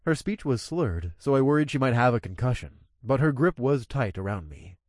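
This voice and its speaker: Man, first-person story narration, casual, swears freely, mid pitch, dry. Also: big pitch swings, moderate pace, a little mellow, dry recording.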